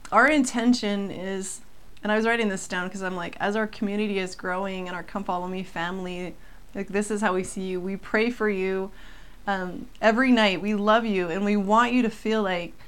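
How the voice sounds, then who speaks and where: A woman's voice: medium pitch, fairly bright tone, clean tone. A woman co-hosting a casual chat, speaking in an earnest, heartfelt way with frequent restarts. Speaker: co-host.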